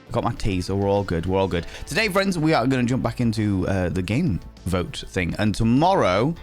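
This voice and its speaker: A man's voice: very animated, fairly quick, faint music behind. A young man chatting playfully on a live stream, teasing viewers, a bit under the weather with sore sinuses. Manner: playful, teasing, theatrical swings in pitch. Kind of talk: casual live-stream chat.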